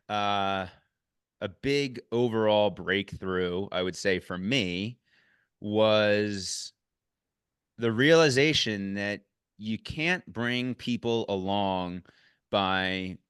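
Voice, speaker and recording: Casual male podcast host, low resonant voice, candid, a bit profane. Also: clean tone, no room sound, clean studio sound. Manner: candid, swears freely, animated when retelling. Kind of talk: casual conversational recap.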